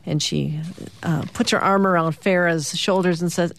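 A middle-aged woman, a radio host, describing the morning's comic strips aloud in a lively storytelling way. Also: lowish voice, moderate pace, vocal fry. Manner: lively storytelling, lifting her voice for characters' lines.

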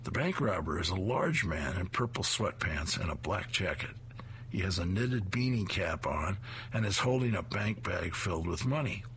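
A man's voice: deep voice, moderate pace, a little hiss or hum. A man hosting a show where he reads comic strips aloud, narrating the panels with animation. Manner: animated, chuckles after punchlines.

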